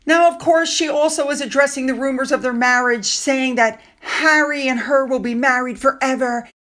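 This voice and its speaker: A woman with a high voice delivers an opinionated commentary monologue. She sounds sarcastic and indignant as she talks straight to her viewers. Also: moderate pace, a bit bright. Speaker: commentary channel host.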